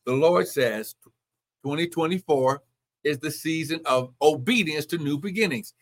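A man preaching a fervent livestream sermon and appealing for donations, swinging between loud declarations and soft asides. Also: a little high.

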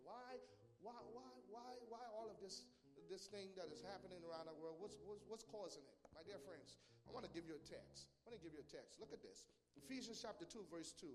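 A man preaching to his congregation, giving church announcements and a sermon with call-and-response phrases and repeated words. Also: sits high. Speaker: pastor.

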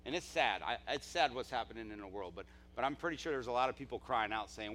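A male pastor preaching at a church service, impassioned, dropping to quiet asides and then rising to near-shouts. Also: mid-range voice, lively intonation, quick pace, few pauses. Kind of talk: live sermon.

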